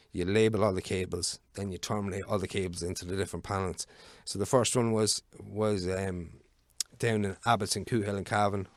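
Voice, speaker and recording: Recorded with clean, dry studio sound, an Irish man in his thirties appears as a podcast guest. In a voice on the low side, he rambles through a long work story, full of fillers and free swearing.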